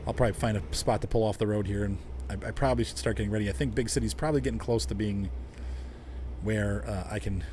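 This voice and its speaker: A man's voice: on the low side, steady tone, fast talker, dark tone, slight background noise. A middle-aged man hosting a casual gaming livestream, chatting and chuckling as he talks to his viewers. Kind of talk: casual livestream chat while playing.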